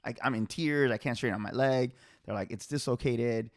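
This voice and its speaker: A young man hosting a podcast, telling a story in a loose, animated way, laughing often and leaning on filler words. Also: medium pitch, fairly quick, no echo, clean studio sound. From Hispanic family background. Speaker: podcast host. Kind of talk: casual storytelling chat.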